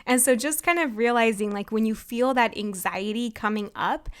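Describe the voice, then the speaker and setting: A woman in her thirties talks through a casual pep talk on her podcast. Her voice sits a little high and sounds smooth and clear. She rambles in a friendly way, leaning on "like" and "you know". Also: moderate pace. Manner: chatty, frequent "like" and "you know", laughs often. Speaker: podcast host. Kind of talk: casual motivational monologue.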